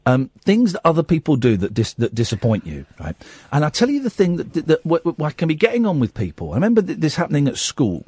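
A man hosting a radio phone-in, talking casually and excitedly, exclaiming and repeating himself. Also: a little high, fast, hardly any pauses, slightly rough, no echo. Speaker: radio show host. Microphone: studio mic.

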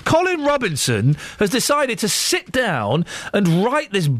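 Male radio host, playful and teasing, very lively pitch, a bit high, dry studio mic. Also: unhurried, no echo. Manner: playful, reads aloud mockingly. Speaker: radio presenter. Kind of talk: joking breakfast radio chat. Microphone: studio microphone.

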